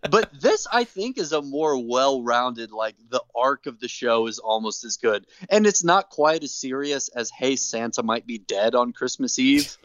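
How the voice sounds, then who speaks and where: A man's voice: mid-range voice, lively intonation, measured pace, hardly any pauses, a bit bright, no room sound. An enthusiastic man co-hosting a podcast, recapping with jokey storytelling and a voice that rises and falls a lot. The recording is dull and dry, lo-fi with no room sound. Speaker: podcast co-host. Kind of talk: casual chat, recapping a show.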